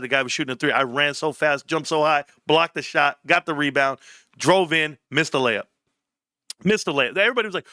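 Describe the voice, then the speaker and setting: A man's voice: a little fast, dry recording, clean studio sound. A middle-aged man hosting a casual livestream, telling stories and acting out quotes with laughs and lots of "bro". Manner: animated storyteller, acts out quotes with big pitch jumps; laughs often, says bro a lot. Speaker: livestream host.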